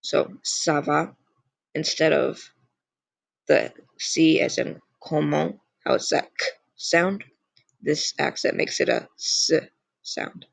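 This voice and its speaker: A young male language teacher narrates a slide-based beginner lesson in a slightly high, gravelly voice on a dry recording. He goes slowly and patiently, repeating each word as a drill.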